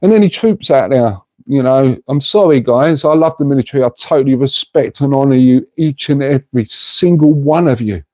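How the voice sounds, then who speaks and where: A man's voice: medium pitch, normal speed, few pauses, dark tone, dry recording. A middle-aged man, hosting a casual livestream and talking to viewers in an earnest, rambling way. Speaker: livestream host.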